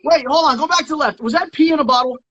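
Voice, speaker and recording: A man hosting an aftershow, chatting on a video call with a guest in a loud, teasing, playful way. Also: extremely high pitch, racing, poor audio. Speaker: aftershow host. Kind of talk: casual interview chat.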